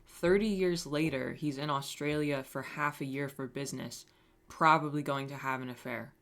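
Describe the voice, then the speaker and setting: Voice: mid-range voice, steady tone, normal speed, fairly bright tone. A streamer chatting casually on a live stream, reading chat messages aloud and answering them with wry, self-mocking humor and frequent swearing.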